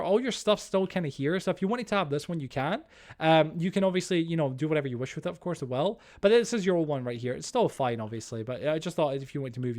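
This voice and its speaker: Young guy streaming, talks super fast, kinda high voice, lots of uh and like. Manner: chatty, reads chat aloud, many fillers and restarts. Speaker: game streamer. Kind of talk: live-stream chat while playing.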